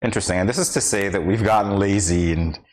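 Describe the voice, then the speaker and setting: A man with a Kittitian accent co-hosting a morning show in casual studio banter, playful and quick to laugh. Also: on the low side, low-quality recording. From St Kitts and Nevis. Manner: playful, laughs often, hesitant restarts.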